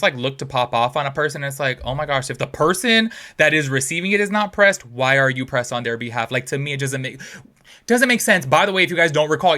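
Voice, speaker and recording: A man hosting casual commentary, talking in a chatty, animated way and calling out to his viewers. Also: fairly high pitch. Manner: chatty, animated, heavy use of "like" and "y'all". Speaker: YouTube commentary host.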